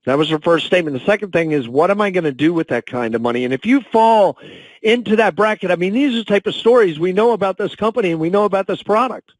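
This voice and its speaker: A man's voice: sits high, lively intonation, no room sound, rough recording. Dry-sounding man telling motivational stories. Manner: emotional, storytelling, slows down when moved. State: choked up. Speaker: national sales and training director. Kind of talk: motivational corporate talk. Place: conference call.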